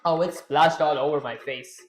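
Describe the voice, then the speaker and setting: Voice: mid-range voice, steady tone, moderate pace. A young adult streamer building a game live, chatting casually and rambling to themselves with restarts and trailing sentences. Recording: roomy echo.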